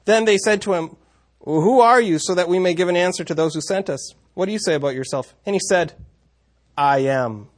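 A man with a high-pitched voice, talking a bit fast, walks through a Bible passage in a conversational teaching style, reading the verses aloud and often pausing to correct himself.

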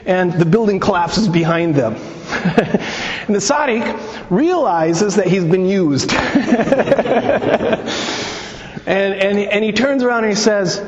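Male Bible teacher, high-pitched, chatty storytelling delivery, muffled sound with a long hall tail. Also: expressive, slow. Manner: conversational, poses rhetorical questions, retells stories. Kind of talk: teaching talk on scripture and Talmud. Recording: long reverb, dull lo-fi sound.

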